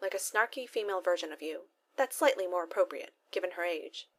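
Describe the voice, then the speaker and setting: A woman's voice: on the low side, animated, brisk, fairly bright tone. A woman reading a snarky billionaire inventor man. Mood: wry. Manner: wisecracking and flippant. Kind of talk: audiobook reading of fan fiction.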